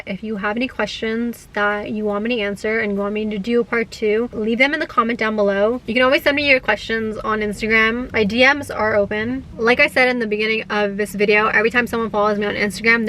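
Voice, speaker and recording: A woman's voice: mid-range voice, slight background noise, poor audio. A young woman, chatting casually to camera as a vlogger and filling her talk with "like" while telling stories with animation. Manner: chatty, heavy use of "like" fillers; animated storyteller. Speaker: gig-work vlogger.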